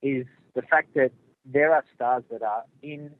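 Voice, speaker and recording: A man's voice: mid-range voice, unhurried. Australian man calling in on a phone line. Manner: chatty, casual and blunt. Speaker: caller. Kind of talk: phone-in call.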